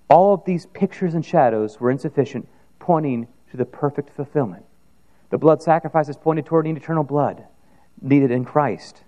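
A man preaching a sermon, building to fervent declarations and sinking to hushed near-whispers. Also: medium pitch.

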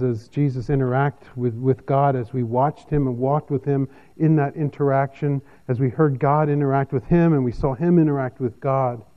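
A man preaching a sermon in a measured, expository way, with his pitch rising and falling often. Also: narrow, tinny audio. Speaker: pastor.

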